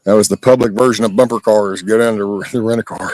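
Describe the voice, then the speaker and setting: A man's voice: lowish voice, darkish tone, no room sound. A male livestream host chatting casually, reading chat comments aloud and teasing his guest.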